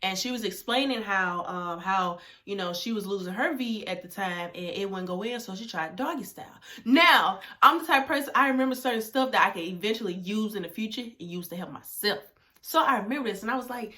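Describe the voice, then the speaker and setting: A young adult woman vlogger telling a personal story in a casual, animated way, talking straight to her viewers and dropping to a hush for asides. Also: a little high, moderate pace. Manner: animated, talks straight to viewers, drops to hushed whispers for asides.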